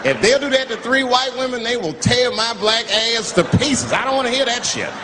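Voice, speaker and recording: A man doing a stand-up comedy routine on stage, telling animated stories and jumping into loud, high voices for the people in them. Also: normal speed, in a large hall. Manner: animated storytelling with shouted, high put-on voices. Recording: live stand-up with noisy crowd ambience. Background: audience laughter.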